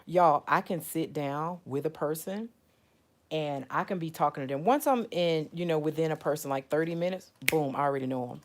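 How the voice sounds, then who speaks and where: With a deep voice at a moderate pace, a woman who describes herself as a spiritual advisor chats casually with her viewers in a storytelling style to camera. She rambles, repeats herself and relies heavily on "you know" and "like."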